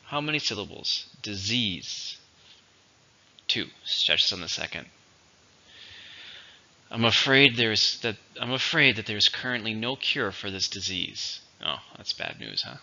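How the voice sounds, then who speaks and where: A man teaching English vocabulary in a slow, patient, explanatory way. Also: fairly low pitch, creaky, bright, forceful tone. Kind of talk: vocabulary lesson. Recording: dull lo-fi recording.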